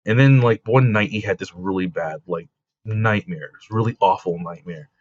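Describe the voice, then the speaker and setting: A man, a comic book creator, telling stories casually in an interview, full of fillers and quick laughs. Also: deep voice, darkish tone, no echo. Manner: rambling, with many fillers like "like" and "you know". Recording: dull lo-fi dry recording.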